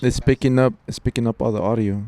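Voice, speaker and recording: A man of middle pitch with a dark, mellow voice recaps a casual podcast in relaxed slang. His pace stays easy and unhurried. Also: soft background music. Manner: laid-back, slangy, wraps up the show. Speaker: podcast host. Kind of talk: casual chat. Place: outdoors at night.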